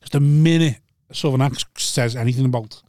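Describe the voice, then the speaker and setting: Blunt man, quick. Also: mid-range voice, darkish tone, no room sound, clean studio sound. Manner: blunt, teasing. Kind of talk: casual podcast chat.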